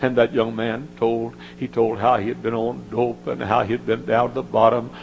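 Older man, sermon, folksy storytelling, gravelly, emotional high-pitched quotes. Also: little pitch movement, moderate pace, lo-fi sound, a little hiss or hum. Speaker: preacher.

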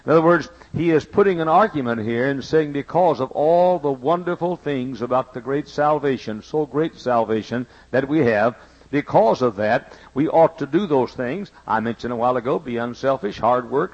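A man preaching a sermon, his voice gravelly with fry. He talks in a folksy, storytelling way and repeats his points for emphasis. The recording sounds dull and lo-fi. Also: medium pitch, a little mellow.

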